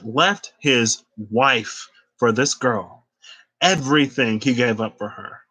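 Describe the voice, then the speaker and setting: A man talks through a tarot reading in an emphatic, conversational way, dropping in casual slang. His voice is bright and forceful, at a middling pitch. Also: takes it slowly, low-quality recording. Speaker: tarot reader. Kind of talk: spiritual tarot talk.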